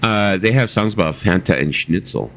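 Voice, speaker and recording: A man's voice: low voice, lively intonation, normal speed, gravelly, a bit bright, slight background noise. A man hosting a casual livestream chat, telling rambling stories and reading viewer comments aloud, swearing freely. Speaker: livestream host.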